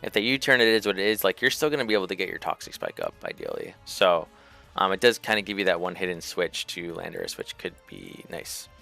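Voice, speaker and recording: A man with a low, gravelly voice that still has a bright, forceful edge. He hosts a relaxed strategy chat, thinking aloud with plenty of fillers and loose phrasing. Deep, grainy, and energetic at once. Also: quick pace, faint music behind. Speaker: host.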